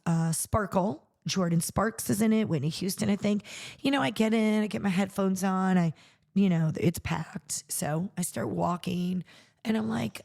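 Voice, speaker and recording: A middle-aged woman, a charity founder, telling her personal story on a podcast in an earnest, animated way, acting out what people said. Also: medium pitch, creaky. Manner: earnest, animated retelling with acted-out quotes.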